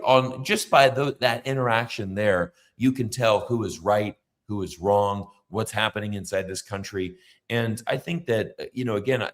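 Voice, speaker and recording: A man's voice: lowish voice, a bit bright. A man hosting a political livestream, talking in a rambling, emphatic way with many fillers and restarts. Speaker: livestream host. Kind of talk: casual political livestream chat.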